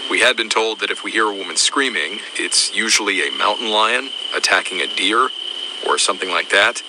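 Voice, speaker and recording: A man calmly narrating soldiers' eerie accounts in a scripted storytelling style. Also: fairly low pitch, fairly quick, noisy background. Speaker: narrator of a military paranormal podcast.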